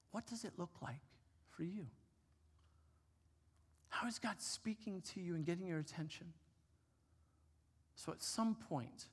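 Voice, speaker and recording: A man preaching a sermon, telling a personal story in a casual, conversational way with fillers. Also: fairly high pitch. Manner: conversational, with fillers and animated retelling. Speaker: pastor. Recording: long hall reverb.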